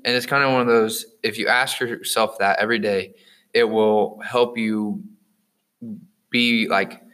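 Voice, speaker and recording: A teenage boy in a casual chat, earnest and soft-spoken, with a calm, unhurried delivery. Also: fairly low pitch, clear, resonant tone, low-quality recording. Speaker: podcast host.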